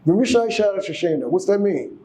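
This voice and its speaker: A man's voice: high voice, expressive, a little fast, mellow. A man giving a casual sermon, exhorting the congregation, often repeating and restarting his words. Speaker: speaker giving a class.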